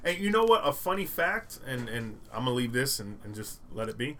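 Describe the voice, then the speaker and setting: A man's voice: medium pitch, sing-song, fairly quick, bright, forceful tone, a little hiss or hum. A man chatting casually as a co-host, talking in hesitant restarts. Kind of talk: casual political chat.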